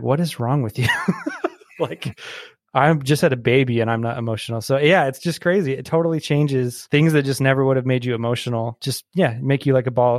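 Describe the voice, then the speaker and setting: A man in his thirties, a podcast guest telling stories in a loose, animated way, laughing often and filling gaps with um and like. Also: mid-range voice, dry recording, clean studio sound. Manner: animated storyteller, laughs often, many fillers. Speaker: podcast guest, brewery employee. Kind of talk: casual podcast conversation.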